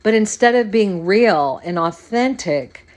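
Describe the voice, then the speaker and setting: A woman's voice: mid-range voice, animated, a little slow, darkish tone. A woman hosting a podcast, talking casually in a rambling monologue and repeating phrases for emphasis. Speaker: podcast host.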